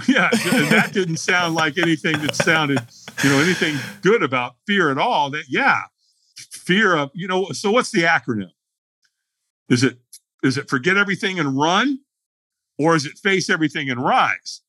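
A middle-aged man with a husky, bright-edged voice, fairly high for a man. He tells stories animatedly as a podcast guest, acting out both sides of the conversations. The sound is dry and close to the mic. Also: normal speed, no echo. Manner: animated storyteller acting out dialogue. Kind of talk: podcast interview storytelling.

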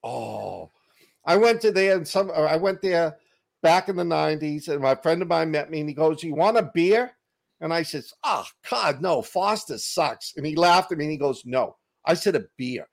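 Speaking from his home desk on a video call, a Boston-accented author chats as an interview guest, spinning self-deprecating stories. His voice is a little high and animated, with vocal fry and a normal speed, and he laughs at his own jokes throughout the casual conversation.

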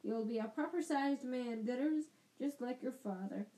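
A woman's voice: a little high, mellow, natural voice, rough recording. Woman putting on a blustering, boozy older aunt. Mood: scornful. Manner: blustering, scornful, slow.

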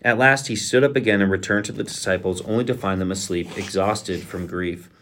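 A man co-hosting a podcast, reading scripture aloud and lifting his pitch and force sharply for quoted speech. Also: fairly quick, fairly bright tone, a little hiss or hum. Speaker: podcast co-host.

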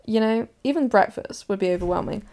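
Young woman, podcast host, casual rambling chat, slight vocal fry. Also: mid-range voice, brisk, a little mellow. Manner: chatty, gushing, full of "like" and restarts.

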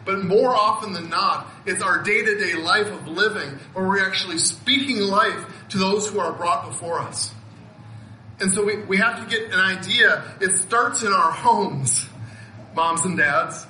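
Bright-voiced man in his fifties preaching. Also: high-pitched, measured pace, reverberant, slight background noise, low-quality recording. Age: 50s. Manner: earnest, emotional, laughs often, repeats words. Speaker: pastor. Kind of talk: sermon.

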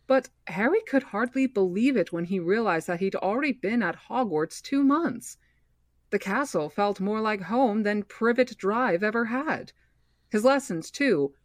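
A woman hosting a book podcast, reading a novel aloud in steady narration with small slips and restarts. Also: medium pitch, no echo, studio quality.

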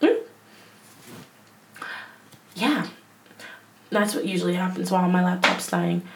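A woman's voice: lowish voice, unhurried, long pauses, roomy sound, distant mic, a little hiss or hum, rough recording. A young woman hosting a casual solo podcast, rambling and self-mocking with lots of fillers, on a headset mic. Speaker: podcast host.

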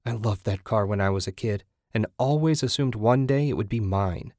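A man's voice: fairly low pitch, normal speed, a little mellow, no echo, clean studio sound, natural voice. A man voicing an eager, car-crazy husband. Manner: enthusiastic, defensive.

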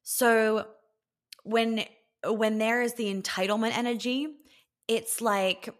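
A woman's voice: a little high, little pitch movement, takes it slowly. A woman hosting a podcast, giving casual dating advice in a candid, coaching way, swearing freely and acting out little scenes.

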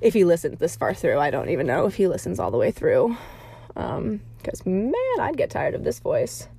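Rambling young woman with a creaky voice. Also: fairly low pitch, very animated, moderate pace, dark tone. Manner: rambling, heavy use of filler "like". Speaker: audio diary host. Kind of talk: casual personal audio diary. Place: inside a parked car.

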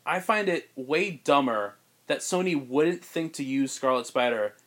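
Guy podcast host rambling through a movie pitch, lots of "like", mid-pitched voice. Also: expressive, measured pace, a bit bright. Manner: rambling, many "like"s and restarts. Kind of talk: casual chat, pitching a film plot.

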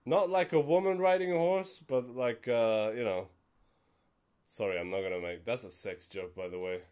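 A man's voice: medium pitch, normal speed, a little mellow, clear, resonant tone. A young man hosting a casual solo podcast, rambling and self-deprecating with many fillers. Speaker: podcast host.

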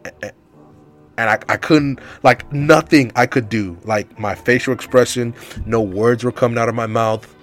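Young adult man, mid-pitch, casual comic storyteller who rambles and piles on filler words. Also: normal speed, faint music behind. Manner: rambling, animated, heavy use of filler words.

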